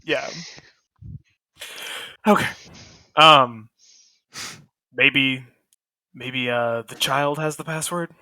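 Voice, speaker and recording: A man's voice: mid-range voice, fairly even intonation, drawn-out words, pauses often, pushed and bright, no room sound. A man playing in a tabletop game, casual and teasing. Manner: joking, teasing. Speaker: player.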